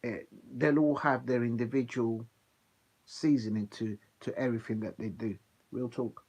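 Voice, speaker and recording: Chatty man, slightly husky. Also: mid-range voice, moderate pace. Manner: chatty, digressive, animated storytelling with filler ums. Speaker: football watch-along streamer. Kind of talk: casual rambling chat.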